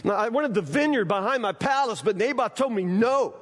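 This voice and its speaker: A man's voice: sits high, animated, normal speed, a bit bright, long reverb tail. A preacher doing whiny sulking king Ahab.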